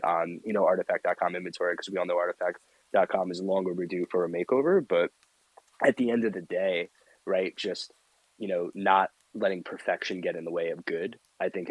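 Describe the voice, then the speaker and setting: Low guy rambling on a group call, lots of um and like, dry close sound. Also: no echo, low-quality recording. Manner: rambling, lots of fillers and restarts, laughs easily. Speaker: team member on a community audio chat. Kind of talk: casual chat.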